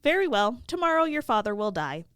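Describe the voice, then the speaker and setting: A woman's voice: on the high side, very animated, fairly quick, a bit bright, clear, resonant tone, dry recording, studio quality, pitched above the performer's own voice. A woman voicing a sinister young fiend in disguise, in a casual podcast retelling of a story. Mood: menacing.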